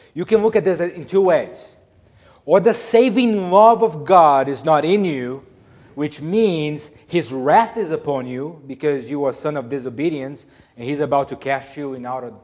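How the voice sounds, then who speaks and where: A man preaching a sermon, emphatic, swinging between loud declarations and hushed asides. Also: a little high. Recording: long hall reverb.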